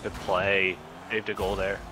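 A man's voice: low-pitched, level tone, a little slow, background noise. A man casually commenting on a friend's gameplay, encouraging and calling the plays. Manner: encouraging, play-by-play remarks. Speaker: gamer. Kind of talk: casual gaming chat.

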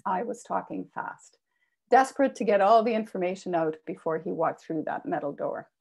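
A woman author reading a personal memoir aloud with expressive delivery. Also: on the low side, normal speed, creaky, slightly rough. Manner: expressive reading, raises voice for quoted shouts. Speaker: author reading her work.

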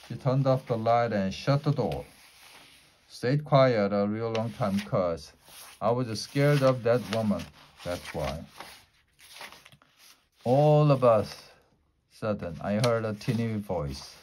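A man reading a children's storybook aloud in a lively way, shifting his pitch and loudness for the characters' lines. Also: slow. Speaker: storybook reader.

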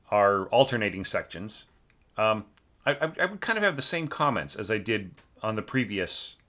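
Guy teacher going through a student's orchestration, lots of ums, sings the parts, kinda low but bright. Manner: rambling with many fillers, sings out rhythms. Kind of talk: casual score critique.

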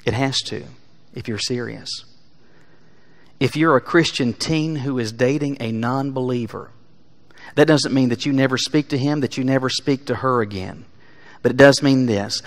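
Male pastor, earnest sermon delivery, rising to emphatic peaks and falling quiet, mid pitch. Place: church sanctuary.

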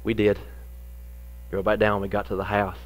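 A middle-aged man, a pastor telling a folksy personal story in a sermon, lively in the funny parts and quieter when serious. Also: on the low side, moderate pace.

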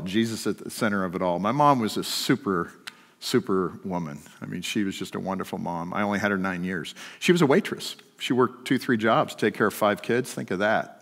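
A middle-aged man telling a personal story during a sermon, shifting between lively and hushed. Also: lowish voice. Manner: storytelling, swings from animated to hushed. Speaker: guest speaker. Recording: long hall reverb.

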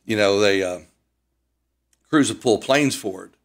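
An older man from Ohio with an Ohio accent, a pilot guest on a radio interview, chatty and animated as he tells stories. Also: on the low side, unhurried. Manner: chatty storyteller, animated, fond of doing accents. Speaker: air show pilot.

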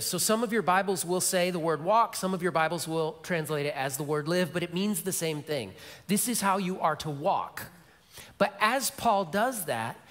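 Middle-aged pastor, echoing church hall. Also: male voice. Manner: storytelling, drops to a soft, low voice for emphasis; repeats key phrases. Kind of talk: sermon. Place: large church sanctuary. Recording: long church hall reverb.

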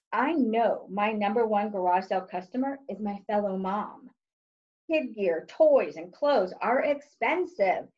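Woman reading her own book, snarky and fed up, kinda high voice, dull lo-fi sound. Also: a little mellow. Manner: sarcastic, wry and exasperated. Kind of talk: audiobook-style reading.

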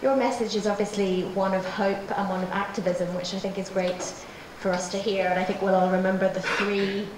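A woman's voice: mid-range voice, steady tone. A woman moderating an event, politely thanking the speaker and opening the questions. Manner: polite, measured. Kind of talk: formal thanks and Q&A introduction. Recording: distant, echoey room mic with noise.

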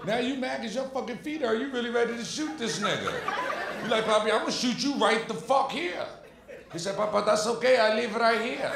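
A man's voice: sits high, vocal fry, heavy background noise. A young male stand-up comedian with a Brooklyn accent, telling a brash, profane story on a club stage. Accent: Brooklyn New York. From Brooklyn, New York. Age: young adult. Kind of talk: stand-up routine. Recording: roomy club with loud crowd laughter.

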